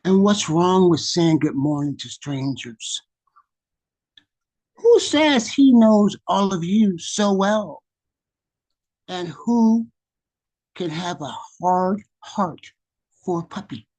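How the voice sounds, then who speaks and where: A man voicing a soft, gentle voice inside the poet's head, mild in tone but blunt in what it says. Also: sits high, expressive, takes it slowly, pauses often, pitched above the performer's own voice, exaggerated voice. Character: soft, gentle inner voice, plain-spoken.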